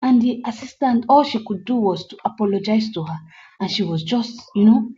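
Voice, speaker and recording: Woman, film recap narrator, warm mellow tone, earnest asides, slightly muffled lo-fi sound. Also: a little high, expressive, brisk, a little hiss or hum. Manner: earnest, moralizing asides to viewers. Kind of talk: storytelling film recap with commentary.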